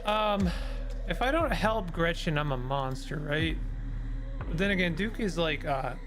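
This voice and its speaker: A man's voice: on the high side, lively intonation, measured pace, over music. A male streamer reading a story game aloud and chatting playfully with his viewers.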